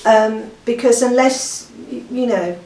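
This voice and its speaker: A woman's voice: fairly high pitch, slow pace, darkish tone. Chatty woman reviewing a book. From Yorkshire, England. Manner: rambling, chatty, with frequent ums and laughs. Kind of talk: casual chat. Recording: echoey room, far from the mic, faint noise.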